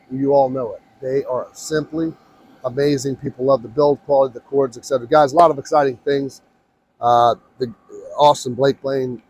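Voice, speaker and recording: A man with a husky, slightly rough voice pitches his inflatables from a trade show booth. He talks fast and pushes hard, circling back to the same points again and again to convince buyers. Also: poor audio. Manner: pushy, energetic salesman, repeats himself. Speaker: inflatable business owner. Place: trade show booth beside running blowers. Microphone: mic on, recorded on a phone.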